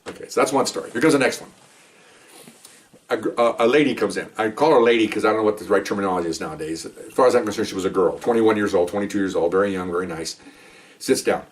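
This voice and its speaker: An older man, a retired police officer, rattles off stories at a quick clip in a lowish voice. He rambles and acts out the dialogue as he goes. The mic sits a little far from him. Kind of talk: casual storytelling.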